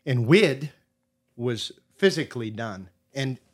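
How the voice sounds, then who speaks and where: A man from Maine, a podcast guest, telling a hunting story in a casual, animated way, his voice swinging between loud and soft. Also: mid-range voice, takes it slowly, breathy edge.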